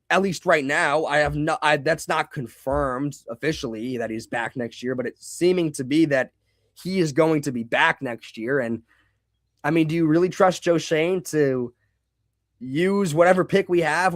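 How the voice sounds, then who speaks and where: A young man with a fairly high voice hosts a live football reaction stream. He rambles, restarts his sentences and reads chat comments out loud. The sound is close and dry, with no room around it. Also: moderate pace, no echo.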